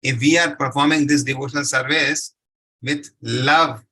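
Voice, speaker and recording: A man's voice: mid-range voice, fairly even intonation, moderate pace, bright, forceful tone, husky, poor audio. A man giving a devotional scripture lecture. He recites Sanskrit verses, then explains them, and keeps asking his listeners questions that he answers himself. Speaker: scripture class speaker.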